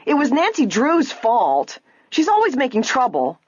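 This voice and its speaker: A woman's voice: high voice, wildly swooping pitch, a little slow, darkish tone, breathy edge, dry recording, pitched above the performer's own voice, exaggerated voice. A woman voicing a spoiled, haughty young rich woman who speaks shrilly and scornfully, in a slightly muffled recording. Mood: haughty shrill.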